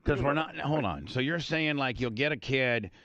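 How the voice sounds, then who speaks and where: Profane, animated male radio host. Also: medium pitch, normal speed, muffled recording, background noise. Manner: profane, interrupts often with "hold on". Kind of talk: casual uncensored after-show chat.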